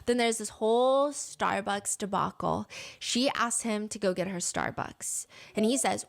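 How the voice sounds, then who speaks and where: A woman in an easy, casual chat, retelling a drama by reading out text messages in a matter-of-fact tone. Her voice sits at a middle pitch and carries no strain. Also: moderate pace, gravelly. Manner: reads text messages aloud in a flat retelling voice. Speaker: storyteller.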